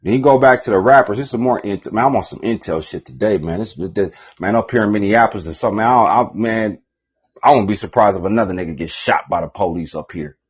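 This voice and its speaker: A man giving a preachy, profane rant, repeating himself often, with a husky voice. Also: on the low side, quick pace, highs cut off. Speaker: vlogger.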